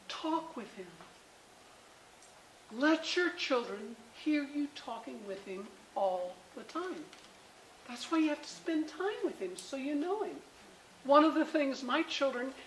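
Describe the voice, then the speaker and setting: Animated woman teaching a moms' Bible class. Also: sits high. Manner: animated, emphatic, bursts of excitement. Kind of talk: devotional teaching and prayer. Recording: echoey room with faint background noise.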